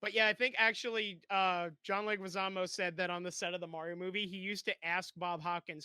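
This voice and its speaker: A young man co-hosting a podcast, casually sharing movie trivia in a quick, chatty way. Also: high-pitched, steady tone, sharp tone, clear, resonant tone, dry recording. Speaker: podcast co-host.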